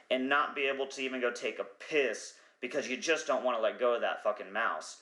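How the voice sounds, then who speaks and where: A man's voice: mid-range voice, brisk, hardly any pauses, bright, forceful tone, echoey room. A man hosting a podcast, talking in a rambling, profane comedic monologue who sometimes loses his train of thought. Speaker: podcast host.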